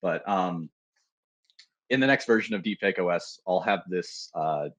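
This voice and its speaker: A man with a very low voice walks through a live software demo, speaking loosely and informally with plenty of "um"s and restarts. The sound is dry and close, with little room around it. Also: a little slow, no room sound. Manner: casual, loose, with many fillers and restarts. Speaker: security researcher presenting a tool. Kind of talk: live technical demo talk.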